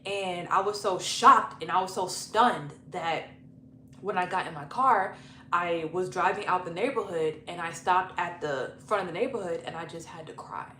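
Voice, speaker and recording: A young woman dishes out a personal story to the camera, lively, chatty and unfiltered with her language. Her voice is bright and forward. It rings in a roomy space over a faint background hum. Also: on the low side. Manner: animated, chatty, profane, laughing storytelling. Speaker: YouTube storyteller. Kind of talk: casual storytime vlog. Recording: roomy echo, faint noise.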